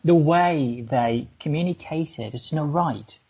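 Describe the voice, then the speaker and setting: A low-voiced woman with a husky edge and a learned British RP accent, talking earnestly on a casual podcast. She pauses to hunt for the right words. The recording sounds a little muffled and lo-fi. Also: mellow. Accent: contemporary British RP, learned. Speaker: co-host. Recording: slightly muffled, lo-fi.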